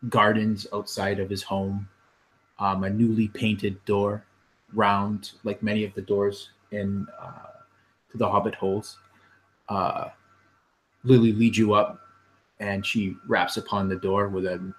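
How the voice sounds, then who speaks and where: A man running a tabletop fantasy game, his voice on the lower side. He narrates in an unhurried way, pausing on frequent fillers. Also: slight background noise, low-quality recording. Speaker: game master.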